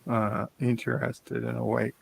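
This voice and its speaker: A tired, sleepy man chatting casually on a morning show, speaking haltingly with many pauses. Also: medium pitch, completely flat delivery, vocal fry, a little hiss or hum.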